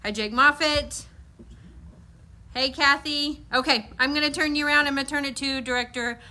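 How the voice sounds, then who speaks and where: A woman opens a company livestream in a casual, upbeat way, greeting viewers by name. Her voice is high and bright, with plenty of fillers along the way. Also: fairly even intonation, moderate pace.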